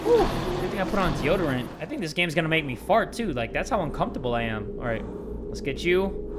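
A man's voice: fairly high pitch, very animated, quick pace, very noisy. A man giving jumpy, joking commentary while playing a horror game, swearing and yelping at the scares and talking to his viewers. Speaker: gaming YouTuber.

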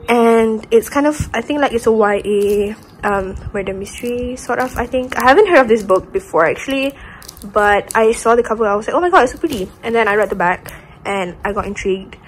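A woman's voice: on the high side, a little fast, slight background noise, rough recording. Breathless chatty Malaysian woman vlogging. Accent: Malaysian English. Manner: chatty, bubbly, mixes in Malay words. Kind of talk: casual vlog monologue. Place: at home.

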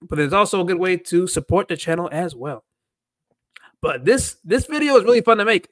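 Higher-voiced man rambling on a livestream. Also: expressive, fairly quick. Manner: rambling, thinking aloud. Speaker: livestream host and Spanish learner. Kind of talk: casual livestream chat.

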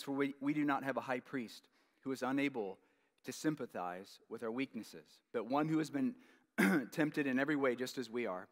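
A man preaching a sermon as pastor, earnest, repeating key phrases and dropping to a hush at the ends of lines. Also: mid-range voice, long reverb tail. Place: church sanctuary.

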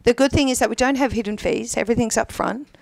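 An Australian woman chatting casually on a talk show, upbeat and talkative as she pitches her business services. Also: fast, vocal fry, darkish tone, dry recording. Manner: chatty, upbeat, self-promoting. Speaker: payroll services guest.

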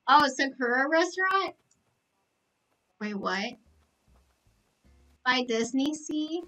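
Woman, game streamer, high voice, unhurried pace, gushing and exclamatory. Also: distant mic, soft background music, low-quality recording. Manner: excitable, gushing, full of gasps and exclamations. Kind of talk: live game-stream chat.

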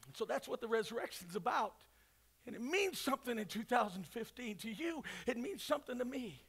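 A man preaching a sermon at a church service, swinging between fervent shouts and hushed, quiet passages. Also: very high-pitched, moderate pace. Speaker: pastor.

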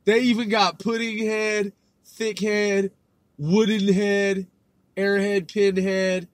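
A man's voice: high-pitched, flat delivery, takes it slowly, no room sound. A man in his thirties hosting a solo podcast, rambling in loose, profane slang and laughing at himself as he reads things aloud. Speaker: podcast host.

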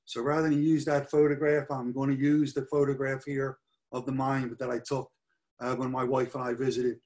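A man's voice: mid-range voice, flat delivery, fairly quick, a little mellow. A middle-aged man giving a history lecture over slides, earnest and stressing key points by repeating them. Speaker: history presenter.

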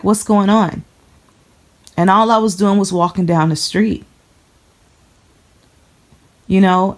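A woman from the Chicago area giving a personal testimony to camera, earnest and halting, often repeating herself as she holds back emotion. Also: on the low side.

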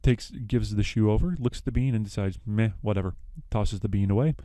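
A man's voice: lowish voice, fairly quick, warm tone, dry recording. Young man, podcast host, casual retelling, rambling, dry close sound. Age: young adult. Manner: rambling, with many fillers and self-corrections.

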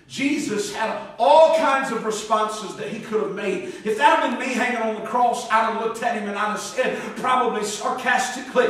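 A man preaching a sermon as pastor, moving between loud, emphatic passages and hushed, low ones, and reading scripture in a measured, deliberate cadence. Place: church sanctuary. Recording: very echoey room, distant mic.

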